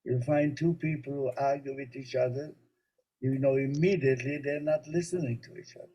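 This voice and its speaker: A man who is a rabbi, giving a spiritual teaching talk that he fills with stories and gentle humor. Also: medium pitch, fairly even intonation, brisk, breathy edge, muffled recording. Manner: storytelling, gently humorous, warmly explanatory.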